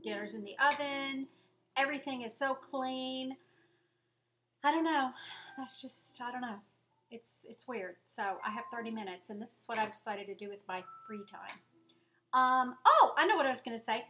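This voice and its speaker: A woman's voice: on the high side, expressive, moderate pace, sharp tone, a little hiss or hum. A woman vlogging at home in a casual, rambling and chatty way, poking fun at herself as she goes. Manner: rambling, chatty, self-deprecating. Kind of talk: casual chat to camera.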